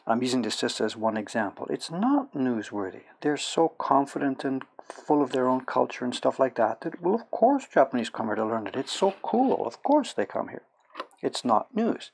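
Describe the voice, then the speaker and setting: Gravelly, husky middle-aged man. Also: medium pitch. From Canada. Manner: rambling, self-correcting storyteller. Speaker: livestream host, woodblock printmaker. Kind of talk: casual chat while working.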